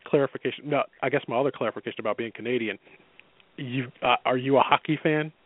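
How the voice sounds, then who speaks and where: A man's voice: mid-range voice, quick pace, no echo. A man hosting a talk interview, playful and joking with his guest. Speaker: host. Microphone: phone. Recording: tinny phone line.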